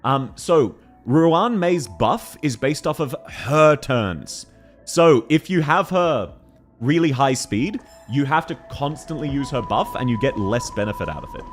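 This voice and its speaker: A man streaming a game live, chatting excitedly with viewers and giggling often. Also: mid-range voice, a little slow, faint music behind. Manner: excitable, giggly, reacts to chat messages.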